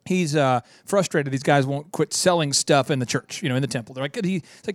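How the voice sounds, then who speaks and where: A man hosting a business talk radio show, telling stories quickly and acting out the quotes he tells. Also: on the high side, no room sound. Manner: quick storytelling, acts out quotes. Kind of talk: casual radio chat.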